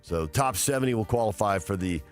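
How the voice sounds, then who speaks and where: On a sports talk radio show, a man with a fairly low voice reads the headlines and discusses the games with brisk, animated energy. Faint music plays in the background.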